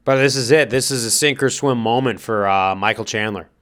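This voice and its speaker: A man speaking in a smooth, resonant voice at a middling pitch, talking through a fight matchup. He thinks aloud, hedges his guesses and turns to give direct advice. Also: brisk, fairly bright tone. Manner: speculative, hedging, thinking aloud. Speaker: fight commentary vlogger. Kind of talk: casual spoken commentary.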